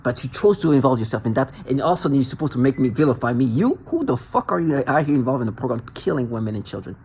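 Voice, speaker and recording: A man's voice: medium pitch, very animated, racing, darkish tone. A man with a mid-range voice rants in an angry, accusatory monologue, hammering the same points over and over. His tone stays confrontational throughout. A faint background hum sits under his voice. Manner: ranting, confrontational, repetitive. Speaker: vlogger.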